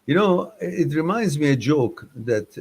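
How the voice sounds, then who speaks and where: A man's voice: fairly high pitch, expressive, slow, darkish tone, slightly rough, poor audio. A man hosting a live chat stream, talking in a loose, rambling and informal way with hesitant restarts.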